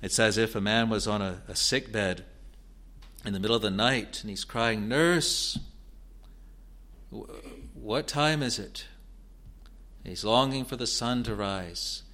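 A man preaching an expository sermon in a deliberate, earnest way, building to emphatic rises. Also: lowish voice, fairly even intonation, pushed and bright.

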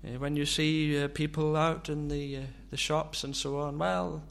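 A man preaching a sermon, asking slow, searching rhetorical questions. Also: a little high, flat delivery, creaky.

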